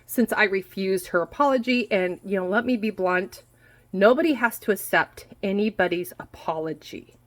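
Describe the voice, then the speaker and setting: A woman in her forties venting in a casual monologue, blunt and quick to swear, repeating herself for emphasis. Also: medium pitch, low-quality recording. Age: 40s. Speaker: vlogger. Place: home kitchen while food cooks. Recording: faint frying noise behind. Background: food sizzling in a pan.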